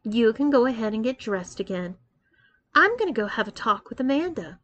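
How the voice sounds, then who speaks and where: A woman reading aloud, voicing a domineering, teasing young college woman who gives sharp commands. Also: fairly high pitch, very animated, moderate pace. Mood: mocking. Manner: commanding, mocking.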